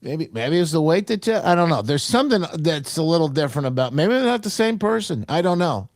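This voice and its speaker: A man's voice: a little high, fairly quick, no room sound, clean studio sound. A male talk show host giving opinionated political commentary in a mocking way, full of restarts. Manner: mocking, animated, trailing restarts.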